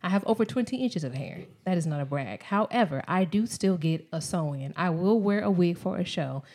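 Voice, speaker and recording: Emphatic woman with a lower voice. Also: lively intonation, fairly quick, a little mellow. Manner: upbeat, emphatic self-promotion. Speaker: guest, music and hair brand owner. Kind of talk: casual interview chat.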